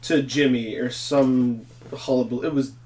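A man's voice: medium pitch, fairly even intonation, moderate pace, darkish tone. A man hosting a casual wrestling recap, joking and laughing often. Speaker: podcast host.

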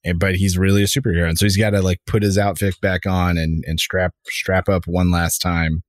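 A man co-hosting a casual podcast chat, easygoing and measured as he reviews a trailer. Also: sits low, flat delivery, dry recording, clean studio sound. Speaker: podcast co-host.

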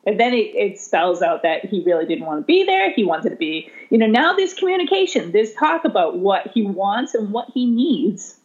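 A woman special education teacher telling a story in conversation, animated, laughing often and voicing the people she quotes. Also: medium pitch, normal speed, few pauses. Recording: slightly dull lo-fi sound.

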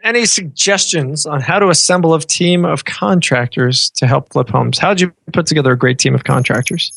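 A woman's voice: low-pitched, brisk, vocal fry, a bit bright, slightly rough, no echo. A woman co-hosting an interview, putting questions in a wry, teasing way. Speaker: co-host.

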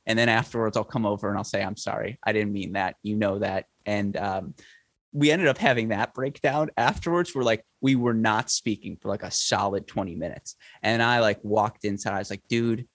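A man's voice: lowish voice, brisk, no room sound. A man hosting a casual late-night podcast over a remote call, telling stories animatedly and laughing often. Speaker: podcast host.

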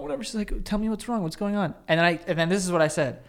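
A man's voice: high-pitched, racing, gravelly. A man in his thirties co-hosting a podcast, telling laid-back stories in casual chat and acting out the voices of the people in them. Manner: laid-back storyteller, acts out quotes. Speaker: podcast co-host.

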